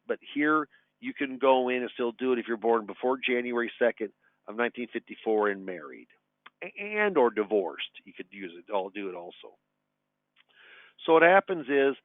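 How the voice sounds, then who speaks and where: A man's voice: medium pitch, no echo. A man in his sixties, a retirement advisor giving a webinar from his office in a folksy, chatty way. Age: 60s. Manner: folksy, chatty, tells anecdotes and chuckles. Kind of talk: webinar teaching. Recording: tinny phone-like dry webinar audio.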